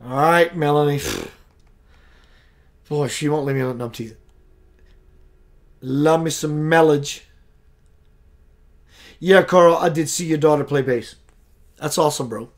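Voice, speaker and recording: Middle-aged male host, high voice, casual and animated, acts out the quotes and reads out viewer names. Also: unhurried, pauses often. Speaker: spiritual talk show host. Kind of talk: casual live-stream monologue.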